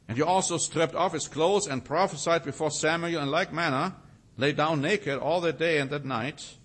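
A man teaching a sermon, reading scripture with rising emphasis and slowing down to stress single words. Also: fairly high pitch, a bit bright. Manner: reads scripture aloud with rising emphasis, then comments. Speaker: preacher.

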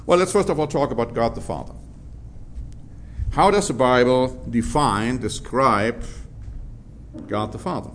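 A man preaching a Bible-teaching sermon in a measured, emphatic way, drawing out key words for stress. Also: mid-range voice, expressive, slight background noise.

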